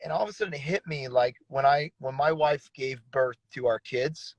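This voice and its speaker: A man's voice: medium pitch, moderate pace, no echo, muffled recording. A man in his thirties, a pastor, telling his story in an earnest, emotional way with frequent restarts. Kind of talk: conversational testimony in an interview.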